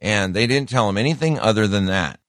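A man's voice: on the low side, lively intonation, brisk, a bit bright, no room sound, clean studio sound. A man giving a casual, conversational sermon, folksy, with many fillers and asides.

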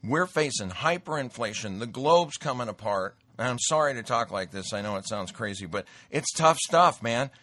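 A middle-aged man hosts a commentary show, mixing political commentary with a sales pitch. His medium-pitched, fairly bright voice is lively and normal in speed with hardly any pauses, recorded with no room sound, as he rambles emphatically and repeats himself.

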